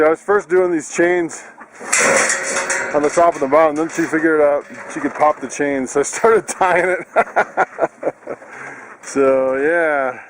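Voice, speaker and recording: A man's voice: on the high side, noisy background. Chuckling man vlogging from his farm. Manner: chatty, laughs often, many fillers and restarts. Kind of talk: casual vlog narration. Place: outdoors on a farm.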